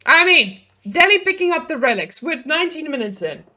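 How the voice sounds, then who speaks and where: A young woman commentating a strategy game on her live stream, excitable and chatty. She swears freely, laughs often and talks straight to her chat. Her voice sits fairly high. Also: a little fast.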